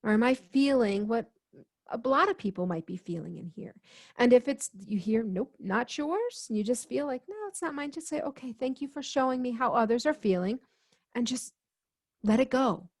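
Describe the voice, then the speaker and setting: A woman's voice: on the high side, normal speed. Earnest woman telling a personal story. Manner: earnest, quotes herself and others in dialogue. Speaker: guest healer. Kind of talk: conversational storytelling.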